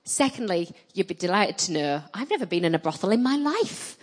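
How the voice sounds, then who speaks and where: A woman in her thirties preaching a sermon, telling personal stories with animated, emphatic delivery. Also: brisk. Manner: animated storytelling, rising loud and emphatic at high points.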